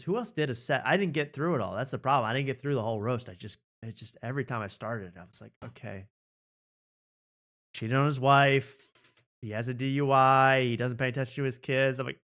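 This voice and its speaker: A man's voice: medium pitch, fairly bright tone. A man hosting a live comedy stream from a home studio, rambling and sarcastic, laughing often. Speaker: host.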